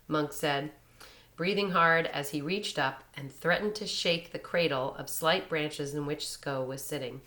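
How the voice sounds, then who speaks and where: A woman reading a short story aloud in a measured storytelling manner. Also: low-pitched, a bit bright. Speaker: reader.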